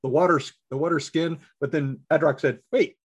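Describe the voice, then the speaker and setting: Casting: male player, a bit higher pitched, slightly husky, jokey and casual. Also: fairly even intonation, brisk. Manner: jokey, laughs often, plays his character. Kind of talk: casual chat in a tabletop game.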